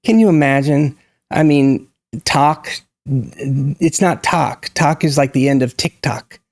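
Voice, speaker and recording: A man's voice: mid-range voice, unhurried, darkish tone, no room sound, clean studio sound. A man, talking to camera about pronunciation in an opinionated, emphatic way and demonstrating sounds. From United States. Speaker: YouTube language commentator. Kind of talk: casual to-camera talk on pronunciation.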